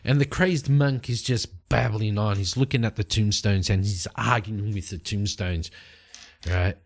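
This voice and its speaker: A man's voice: lowish voice, steady tone, measured pace, vocal fry. A man hosting a solo tabletop game, narrating the story and musing aloud as he checks tables and rolls dice. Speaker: host and solo game player.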